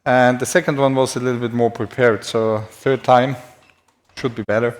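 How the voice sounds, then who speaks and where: A man's voice: mid-range voice, steady tone, moderate pace. A man who speaks natively gives a live-streamed anatomy lecture in English, chatty and self-deprecating, writing on a board as he talks.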